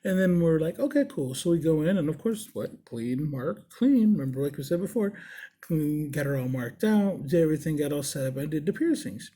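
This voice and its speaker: Husky-voiced man, fairly high pitch; laid-back, profane, rambling storyteller. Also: lively intonation, brisk, dark tone. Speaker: body piercer. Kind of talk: casual storytelling.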